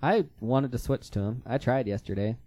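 A man co-hosting a casual chat, chatty and quick to jump in. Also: mid-range voice, warm tone, dry recording.

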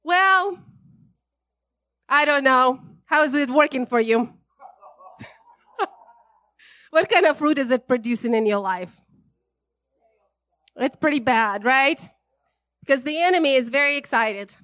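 A woman preacher giving a casual, conversational sermon, chatty and animated, often checking in with "right?" and laughing. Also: sits high, unhurried, pauses often, no room sound.

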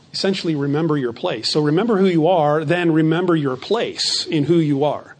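A man preaching a sermon as pastor, slowing down to stress key phrases and often repeating words as he starts a thought. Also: fairly high pitch, slightly rough.

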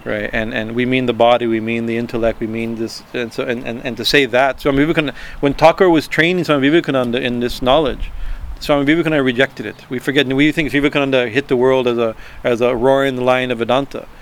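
Gravelly man with a halting talk. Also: medium pitch, fairly even intonation. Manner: halting, repeats words, frequent "right?" asides; chuckles while explaining. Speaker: spiritual teacher. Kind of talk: informal spiritual talk.

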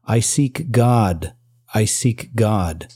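A man's voice: on the low side, expressive, drawn-out words, darkish tone, breathy edge, exaggerated voice. A podcast host reading the part of a frantic man who proclaims God is dead, delivered as solemn, declaiming rhetorical questions. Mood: crying out.

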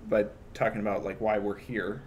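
A man's voice: fairly low pitch, level tone, a little fast, slight background noise. A man hosting a casual podcast around a table, hesitant and full of fillers. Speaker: podcast host. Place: gallery table with friends.

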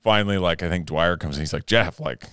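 A young man co-hosting a podcast, chatting casually and telling stories, animated and swearing freely, shouting when he acts out his anger. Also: sits low, fast talker, smooth, dry recording, clean studio sound. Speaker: podcast co-host. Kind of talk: casual chat, storytelling.

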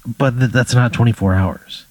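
A man's voice: mid-range voice, moderate pace, dry recording, rough recording. A man, a comedian, bantering as a guest with dry, exasperated reactions.

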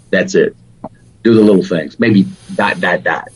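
A low-pitched man with an Alabama accent, a barbecue pitmaster, talks at a moderate pace as a guest on a casual podcast interview. He's animated and laid-back, full of "man" and "dude," and the low-quality recording carries slight background noise.

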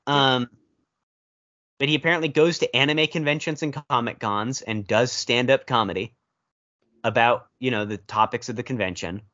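Podcast co-host, male, mid pitch, rambling wry delivery, dull lo-fi recording. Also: normal speed, sharp tone. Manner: rambling, filler-heavy, wry. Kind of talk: casual chat.

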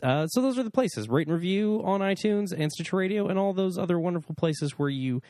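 A man's voice: high voice, expressive, fairly quick, a little mellow, no echo, clean studio sound. A man co-hosting a podcast in casual chat, playful and punning, with lots of fillers. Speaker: podcast co-host.

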